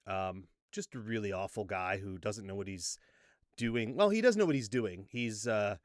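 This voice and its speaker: A man's voice: lowish voice, lively intonation, normal speed, no room sound, studio quality. Goofy, rambling man hosting a political vlog. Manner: goofy, rambling, self-deprecating. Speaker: political commentary host. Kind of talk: casual political commentary vlog. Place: home studio with green screen.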